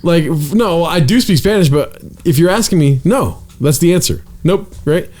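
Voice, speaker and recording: A man's voice: on the high side, animated, normal speed, darkish tone. A man co-hosting a comedy podcast, telling a story in a laid-back way, cursing freely and often saying "dude". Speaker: podcast co-host. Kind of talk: casual podcast banter, storytelling.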